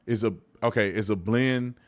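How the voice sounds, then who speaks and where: A man hosting a live-streamed talk show in a casual, colloquial way, swinging from loud outbursts to low mutters and often repeating himself. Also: steady tone, moderate pace. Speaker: host.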